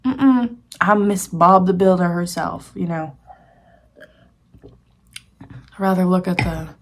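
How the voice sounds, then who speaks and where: A young woman in her early twenties talks through her day in a loose, rambling vlog. Her voice sits low and sounds husky and breathy, and she keeps slipping into a soft, confiding near-whisper. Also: steady tone, slow pace. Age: early 20s. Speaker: student vlogger. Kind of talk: casual rambling vlog chat.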